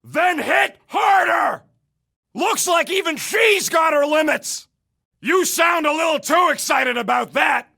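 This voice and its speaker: Rocket Raccoon, high and gravelly. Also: male voice, lively intonation, slow, full character voice. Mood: cocky banter. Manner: brash, yelling, sarcastic quips. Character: gruff wisecracking male raccoon gunner. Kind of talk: video game combat callouts.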